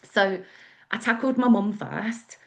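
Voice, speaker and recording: A woman's voice: mid-range voice, takes it slowly, creaky. Chatty Englishwoman telling her story. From England. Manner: chatty, candid, with acted-out quotes. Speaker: guest speaker. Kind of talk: personal storytelling.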